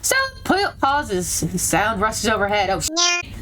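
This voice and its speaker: A woman's voice: a little high, sing-song, slow, bright, forceful tone, slight background noise. A woman playing through a visual novel with a friend, reading its text aloud and reacting with jokey, dramatic outbursts. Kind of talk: casual playthrough, voicing lines.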